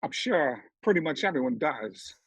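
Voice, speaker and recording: A middle-aged man, a comedian guest on a podcast, chatting casually and telling stories with lively quoted voices. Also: a little high, moderate pace, husky, dry recording, low-quality recording. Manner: animated storytelling, jumps into quoted voices. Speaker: guest impressionist.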